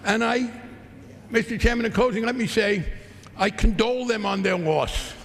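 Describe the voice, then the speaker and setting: In a large legislative chamber with long reverb, a congressman delivers a combative, sarcastic rebuttal during floor debate. His male voice sits high, with a creaky texture and a fairly bright tone, and he speaks at a normal speed.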